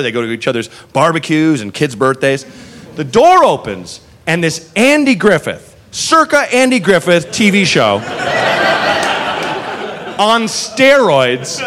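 A man doing stand-up comedy, telling a long story and acting out the people in it with loud, profane energy. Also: a little high. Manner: animated, profane, acts out characters mid-story. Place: comedy club stage with live audience.

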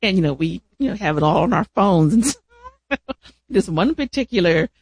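A man telling family caregiving stories in an animated, laughing manner. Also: sits high, vocal fry, slightly rough, no echo. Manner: animated storyteller, laughs often, drawn-out emphasis. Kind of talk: casual family storytelling.

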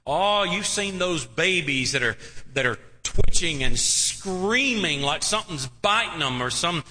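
Slow, emphatic preacher in a hall. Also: male voice, fairly high pitch, animated, bright, forceful tone, slight background noise. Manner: emphatic, slow and dramatic, addresses the church directly. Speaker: pastor. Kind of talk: preached sermon. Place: church sanctuary. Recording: reverberant church hall.

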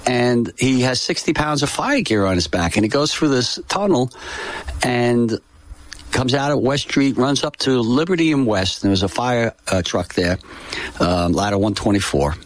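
An older man telling a personal story in an interview, halting and emotional, with many fillers and restarts. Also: mid-range voice, no echo. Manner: emotional, solemn. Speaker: interview guest.

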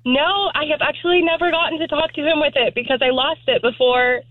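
A woman's voice: sits high, steady tone, a little fast, no room sound. A young woman from Texas, calling in to a radio show and telling a story in a chatty, laughing way. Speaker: caller. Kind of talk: phone call to a radio show. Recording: tinny phone line.

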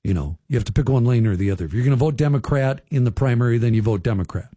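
A man's voice: medium pitch, animated, racing, warm tone, husky, no echo. A man hosting a radio talk show, chatting casually with listeners and riffing on the news with folksy asides. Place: radio studio.

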